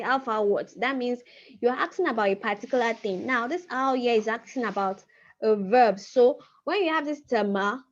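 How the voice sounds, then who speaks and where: A woman teaching a language class over a video call, explaining patiently and slowing down to repeat key phrases. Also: on the high side. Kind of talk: online class lecture. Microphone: computer mic on a video call. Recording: muffled video-call audio.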